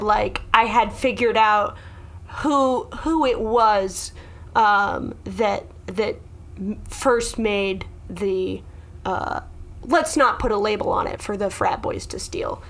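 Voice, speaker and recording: A woman's voice: mid-range voice, takes it slowly, fairly bright tone. A woman, a guest comedian, telling rambling, self-deprecating stories in a casual podcast chat.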